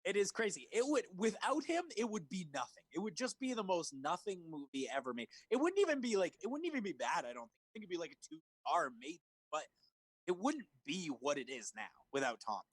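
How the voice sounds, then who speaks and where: Animated man on a podcast call. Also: sits high, fairly quick, husky, dry recording. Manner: animated, swearing, laughs, mimics lines. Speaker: podcast co-host. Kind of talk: casual movie review chat. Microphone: remote call recording.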